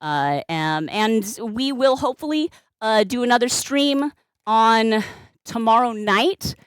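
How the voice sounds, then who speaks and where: Speaking slowly in a fairly high, smooth and animated voice, this woman streams live as a balloon artist. She's bubbly, gushes thanks to chat and playfully baby-talks her cat, and there's no echo.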